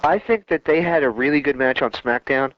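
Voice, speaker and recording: A man in his twenties co-hosting a casual wrestling talk show, opinionated but measured, often hedging his views. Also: mid-range voice, dull audio, a little hiss or hum. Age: 20s. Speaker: podcast co-host.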